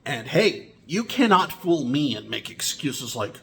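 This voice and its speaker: A man vlogging to camera in a rambling personal monologue, deliberate, with sudden swings in pitch and loudness. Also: sing-song.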